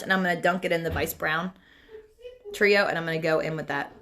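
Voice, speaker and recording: A woman's voice: sits low, steady tone, quick pace, a bit bright. A young woman chatting casually through a makeup tutorial on a phone livestream, talking to viewers and family as she works. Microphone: phone camera.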